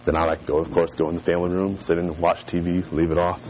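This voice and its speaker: A man's voice: low-pitched, fast talker, few pauses, very noisy. A man preaching a sermon and telling a childhood story, acting out the voices of the people in it. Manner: animated storyteller who acts out voices.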